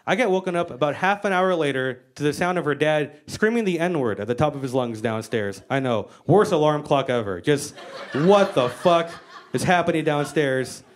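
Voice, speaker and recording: A woman's voice: deep voice, expressive, fairly quick, hardly any pauses. A woman performing stand-up comedy in a brash, profane storytelling style with acted-out quotes, speaking into a handheld mic on stage. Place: stage before a live audience.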